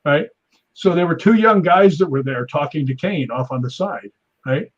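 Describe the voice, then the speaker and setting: A man in his fifties, a stuntman guest on a talk show, telling animated anecdotes with sound effects and chuckles. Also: fairly high pitch, normal speed. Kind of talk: casual interview storytelling. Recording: dull lo-fi sound.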